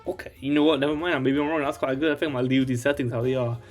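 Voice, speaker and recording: Talking very fast in a steady, mid-range voice, a male host walks through a casual screen-share tutorial. He rambles and keeps tagging his lines with "alright?" Soft music plays in the background.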